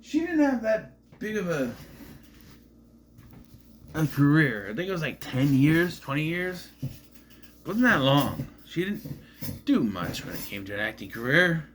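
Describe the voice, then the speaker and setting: A man's voice: a little high, very animated, a little slow, pauses often, slight background noise. A man casually recapping a movie in a rambling, musing way, often admitting he is unsure. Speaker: movie reviewer.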